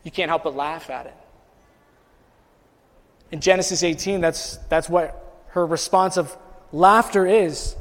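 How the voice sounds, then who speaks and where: Man, pastor, sermon, high voice, repeats phrases, echoing hall. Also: unhurried, pauses often. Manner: rises in pitch and volume as he builds intensity; repeats and restarts phrases while preaching. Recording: long hall reverb.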